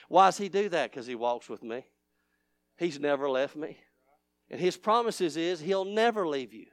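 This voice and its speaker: A man preaching a fervent sermon, swinging between loud shouting and hushed, low intimate talk in a repetitive cadence. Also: normal speed, smooth, dry recording, clean studio sound. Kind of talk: revival sermon.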